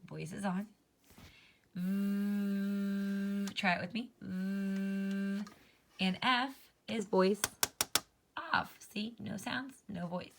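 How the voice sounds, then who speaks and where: A woman's voice: medium pitch, a bit bright, slight background noise. Woman teaching letter sounds to kids. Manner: slow, clear, encouraging teacher talk, modeling sounds. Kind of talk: phonics lesson for young children.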